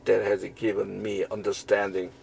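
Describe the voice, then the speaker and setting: A man's voice: on the low side, completely flat delivery, moderate pace, gravelly, darkish tone, slight background noise, low-quality recording. A man reading Bible verses aloud and explaining them, with frequent restarts and fillers. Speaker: Bible teacher. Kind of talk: slow scripture reading and commentary.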